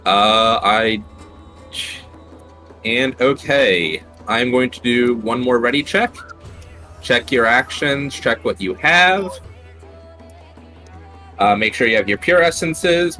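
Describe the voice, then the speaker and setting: Bright-voiced man leading a game raid. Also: medium pitch, animated, takes it slowly, pauses often, faint music behind, low-quality recording. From Ohio. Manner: clear instructive delivery, laughs easily. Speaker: raid leader. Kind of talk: gaming voice chat.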